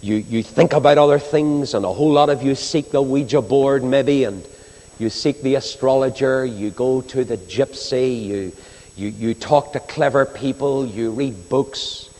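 Man, preacher, mid-pitched; fervent sermon delivery, loud to hushed; long hall reverb. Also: measured pace. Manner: fervent, swinging from loud declaring to hushed pleading.

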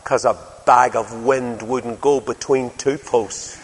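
A man's voice: medium pitch, fairly even intonation, takes it slowly, husky. An older man preaching a sermon, telling stories animatedly and asking his listeners rhetorical questions. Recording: long hall reverb.

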